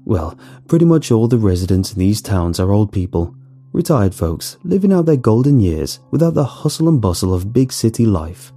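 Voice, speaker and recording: Man reading laid-back sewer crew boss, reassuring, gravelly, dark tone. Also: fairly low pitch, very animated, normal speed, faint music behind. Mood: easygoing.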